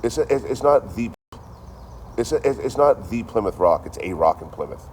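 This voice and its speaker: Man, low bass voice, casual profane ranter, animated storytelling, faint background noise. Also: normal speed. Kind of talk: casual ranting monologue.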